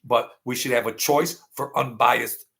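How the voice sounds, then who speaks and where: A middle-aged man with a gravelly voice, ranting angrily and profanely in a rambling political monologue. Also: medium pitch, steady tone, unhurried. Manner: angry, profane, rambling rant with sudden loud outbursts. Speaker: political commentary vlogger.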